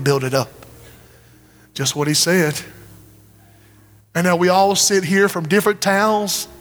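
A high-pitched male preacher delivers an impassioned revival sermon in a church sanctuary, pleading again and again for listeners to step out. His voice rings with the long reverb of a large hall. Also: a bit bright. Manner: impassioned, repetitive pleading calls. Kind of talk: revival sermon with altar call.

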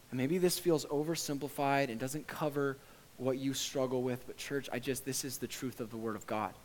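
A male pastor preaching a sermon in a conversational, earnest way that often swells into impassioned shouting. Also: medium pitch, long reverb tail.

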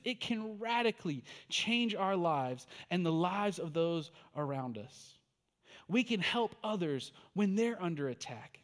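A man preaching a sermon, telling a personal story in a conversational, animated way. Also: sits high. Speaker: pastor.

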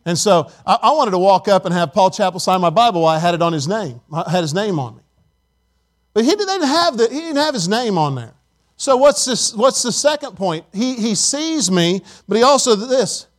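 A man's voice: high-pitched, very animated, a little fast. A middle-aged male pastor preaching a sermon emphatically, calling on the congregation for responses.

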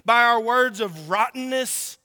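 Preacher, male, from Oklahoma; very high, bright delivery in a reverberant hall. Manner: emphatic, drawn-out preaching with rhetorical questions. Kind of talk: sermon.

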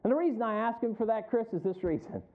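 Man, pastor, preaching, emphatic call-and-response, high-pitched, thin phone-like sound. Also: animated, fast. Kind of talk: sermon.

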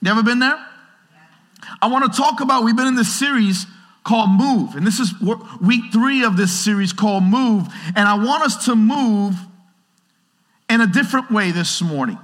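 A man preaching a sermon in a conversational, animated way, talking straight to the congregation and acting out quotes. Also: high voice, moderate pace. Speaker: pastor. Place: large church hall. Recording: reverberant church hall.

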